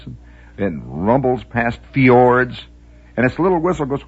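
A man's voice: medium pitch, very animated, a little slow, husky, phone-quality sound. A man from the Midwest telling a rambling, folksy radio monologue with mock-grand asides. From American Midwest, Indiana.

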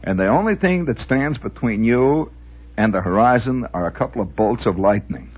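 A man's voice: mid-range voice, lively intonation, moderate pace, breathy edge, highs cut off. A man from the Midwest telling a rambling, folksy radio monologue with mock-grand asides. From American Midwest, Indiana.

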